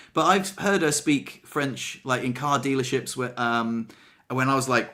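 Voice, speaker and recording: A man co-hosting a podcast in casual chat. He is chatty and self-mocking, often stammers and restarts, and acts out his own quotes in lively bursts. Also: fairly high pitch, normal speed. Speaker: podcast co-host.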